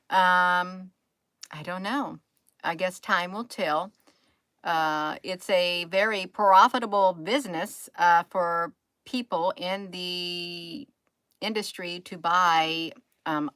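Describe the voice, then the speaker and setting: Woman streamer, talkative and scolding, bright tone, dry sound. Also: lowish voice, fairly even intonation, slow, clean tone, no room sound. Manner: chatty, scolding, says "you all" often. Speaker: livestream host. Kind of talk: casual chat with viewers.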